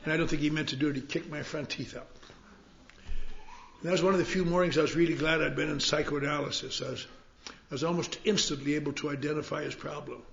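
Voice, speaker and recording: Gravelly man telling a wry story. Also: on the high side, fairly even intonation, quick pace, heavy background noise. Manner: wry, self-mocking storytelling. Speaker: speaker at a recovery meeting. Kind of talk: storytelling talk at a recovery meeting. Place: meeting hall. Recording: roomy, dull live recording.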